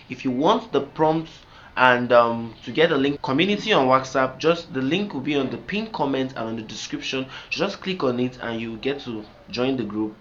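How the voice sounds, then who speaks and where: A man gives emphatic, repetitive coaching to writers. His voice sits at an ordinary pitch, and the recording is slightly dull and lo-fi with a faint hiss underneath. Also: a bit bright. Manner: emphatic, repetitive, asks "do you get me?". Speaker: writing coach. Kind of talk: instructional talk to camera.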